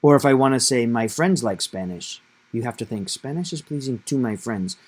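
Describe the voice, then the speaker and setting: A man's voice: medium pitch, expressive, moderate pace, darkish tone, breathy edge. A man teaching a Spanish grammar lesson, explaining patiently and step by step, stressing key points.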